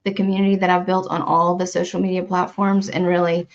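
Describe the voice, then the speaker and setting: Low-voiced woman on a muffled line. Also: little pitch movement, brisk. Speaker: podcast guest. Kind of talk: casual interview chat. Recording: muffled lo-fi audio.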